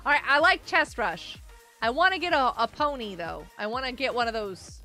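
High, lively-voiced woman streamer. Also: normal speed, faint music behind. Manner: chatty, giggly, greets and thanks viewers. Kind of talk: casual gaming live-stream chatter.

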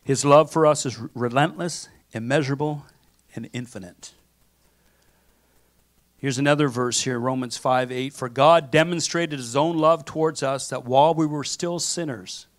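Animated man preaching a sermon. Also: mid-range voice, unhurried. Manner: animated storytelling with acted-out quotes. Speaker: pastor. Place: church sanctuary.

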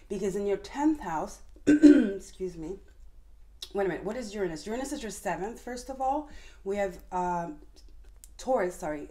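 A woman giving a tarot reading to viewers, talking fast and passionately and calling on Spirit. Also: mid-range voice, warm tone. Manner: addresses viewers directly, calls on Spirit. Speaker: tarot reader.

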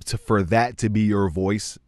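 A man hosting a music reaction video, talking in an excitable, slangy way with frequent laughs. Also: fairly low pitch, a little slow, no room sound, studio quality. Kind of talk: casual reaction commentary.

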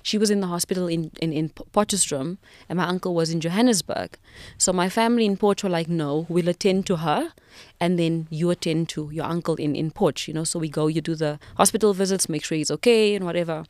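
Low-voiced South African woman telling her story. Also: a little fast, a little mellow, no room sound. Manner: emotional, reflective, with frequent restarts. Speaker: podcast guest. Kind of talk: personal storytelling in an interview.

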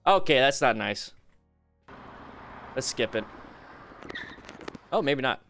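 A man's voice: medium pitch, lively intonation, slow pace, a bit bright, faint music behind. A man hosting a casual live stream, reading viewer questions, reacting to motorcycle clips and giving riding advice in a chatty, upbeat way. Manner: upbeat, hypes the chat for likes. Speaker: live-stream host reviewing motorcycle videos.

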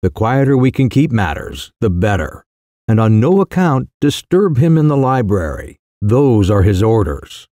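A man voicing a sly young mischief-maker who delivers outrageous news in a calm, careless, mock-serious way. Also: medium pitch, normal speed, no room sound, clean studio sound, close to an everyday voice. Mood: cool, mock-grave.

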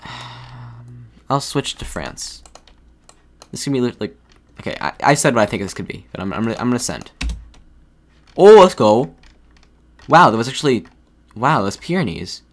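A man's voice: medium pitch, expressive, moderate pace, fairly bright tone. Male gaming creator, mid-range voice, hesitant think-aloud commentary. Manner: muses aloud, hesitant, frequent restarts.

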